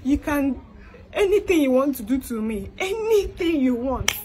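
A young Nigerian woman with an Igbo-inflected accent, performing a comedic skit monologue. Her voice sits fairly high, and she begs and pleads over and over, mixing English with Igbo. A faint hum of ambience sits behind her. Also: big pitch swings, moderate pace, warm tone. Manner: pleading, begging, repeating herself.

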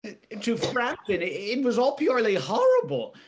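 A woman narrating a spooky story in a stage reading, with expressive storytelling. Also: a little high, normal speed, background noise.

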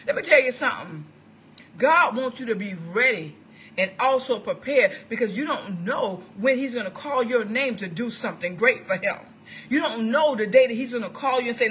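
A woman prophetess preaches with fervor into her computer microphone, her high, bright voice leaping all over its range as she swings between shouted exclamations and hushed asides. A faint hum of ambience sits under her. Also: expressive, moderate pace. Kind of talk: impassioned online sermon.

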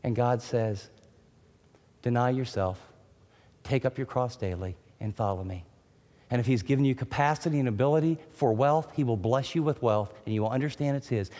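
A man preaching a sermon as a pastor, emphatic, with dramatic pauses and swings between loud and quiet. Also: mid-range voice, big-room sound.

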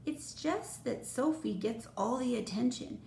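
A woman's voice: on the high side, expressive, unhurried, vocal fry, dark tone. A woman voicing a young boy in a storybook, a sulky twin brother who mumbles. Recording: roomy echo, faint noise.

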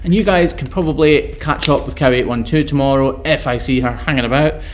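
A man's voice: medium pitch, brisk, slight background noise. A Scottish man hosting a live stream, reading out viewer questions and answering them in an upbeat, chatty way. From Scotland.

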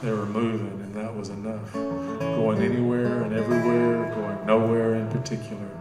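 A man reading his own novel aloud in steady, measured narration at a live bookstore cafe event. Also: lowish voice. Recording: roomy cafe with live guitar.

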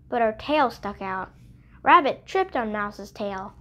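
A woman reading a children's picture book aloud, clear and expressive. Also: on the high side, slow. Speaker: storybook reader. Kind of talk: children's read-aloud narration.

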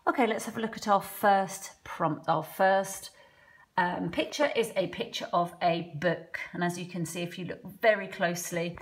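A woman teaching a children's phonics lesson from home, slowly sounding out letters one by one with patient encouragement. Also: lowish voice, steady tone. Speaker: primary school teacher.

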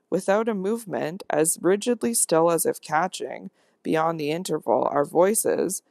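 An audiobook narrator reading a classic novel aloud in a measured, intense first-person manner. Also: mid-range voice, vocal fry, a little mellow, no echo, clean studio sound.

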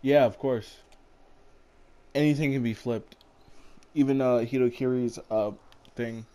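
A man's voice: medium pitch, fairly even intonation, a little slow, warm tone, clean tone. A man hosting casual gameplay chat, rambling in a laid-back way and swearing casually. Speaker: gaming channel host.

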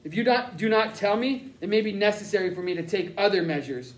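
A man voicing a stern, menacing German-speaking interrogator in an audiobook, with clipped, crisp speech. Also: high voice, fairly quick, echoey room, natural voice, poor audio. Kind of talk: audiobook character reading.

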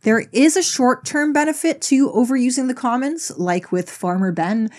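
A woman's voice: high voice, normal speed, a little mellow. A woman narrating an explanatory video essay, telling a story in a wry, conversational way.

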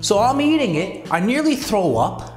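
Guy playing a bossy rich dad, swears a lot, swoopy lively voice, echoey room with music behind. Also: high-pitched, moderate pace. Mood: annoyed. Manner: boastful, profane ranting. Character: arrogant foul-mouthed rich dad, middle-aged man. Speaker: prankster.

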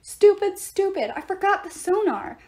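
Woman doing a panicky teen boy, high-pitched, yelling orders in a rush. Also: big pitch swings, moderate pace. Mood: frantic. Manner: urgent, self-scolding yells. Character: frantic teenage boy mechanic.

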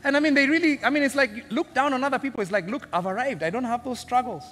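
A man with a Kenyan accent preaching a sermon as senior pastor, animated and humorous, acting out characters and laughing often. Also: very high voice, quick pace. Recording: long hall reverb.

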